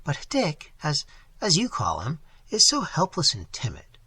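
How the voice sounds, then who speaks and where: A man's voice: a little high, wildly swooping pitch, unhurried, sharp tone, husky, dry recording, heavily acted. Man voicing a saucy, teasing young woman. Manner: teasing, indignant. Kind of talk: audiobook character voice.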